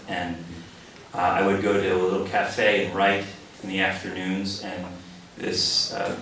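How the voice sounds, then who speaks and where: A man in his forties, a poet, giving a poetry reading in a cafe. He tells stories in a relaxed way and acts out the lines he quotes. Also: low voice, a little hiss or hum. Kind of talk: poetry reading with spoken anecdote. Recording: echoey room from a distant mic.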